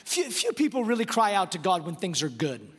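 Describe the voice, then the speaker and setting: A pastor preaching a sermon, emphatic and repeating words, slowing down to stress key phrases. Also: male voice, high voice, sing-song, fairly bright tone, slightly rough. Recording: long reverb of a large hall.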